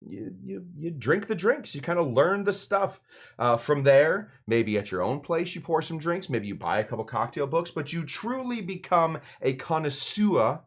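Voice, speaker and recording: A man's voice: on the high side, sing-song, normal speed, slightly rough. Rambling man hosting a cocktail show. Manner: rambling, loose, full of fillers and side remarks. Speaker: bartender and show host. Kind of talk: casual cocktail-making demonstration.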